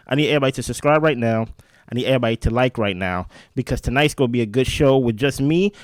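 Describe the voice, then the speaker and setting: A man's voice: mid-range voice, no room sound. A young adult man hosting a show and recapping an episode in casual, opinionated chat, talking straight to viewers and often asking "right?". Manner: chatty and opinionated, addresses viewers directly, checks in with frequent "right?". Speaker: show host.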